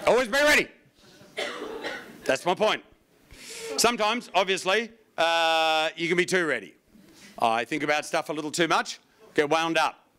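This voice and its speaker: A man's voice: on the high side, normal speed, pauses often. A man performing a stand-up comedy routine, wry and profane, telling stories with lots of energy. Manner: wry, profane, animated storytelling.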